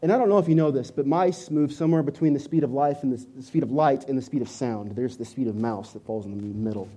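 A man in his thirties preaching a sermon, telling a story with animated delivery and loud bursts when acting out his own lines. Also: mid-range voice, fast talker. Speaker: pastor.

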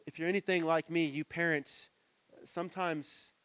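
A man in his thirties, a pastor, preaching a sermon in a church, conversational and personal, dropping to soft asides and rising to loud emphatic stretches. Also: on the high side, steady tone, normal speed, slight background noise.

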